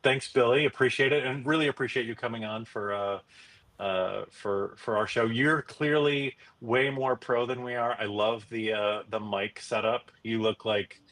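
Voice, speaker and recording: A man's voice: medium pitch, moderate pace, a bit bright. A middle-aged man hosting a casual live stream, talking loosely with many fillers and restarts. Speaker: host.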